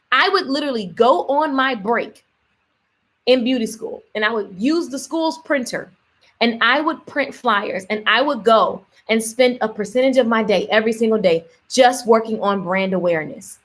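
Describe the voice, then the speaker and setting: Her pitch is fairly high as this woman business coach runs a live stream. She delivers with energy and emphasis, restating key lines and voicing viewer comments.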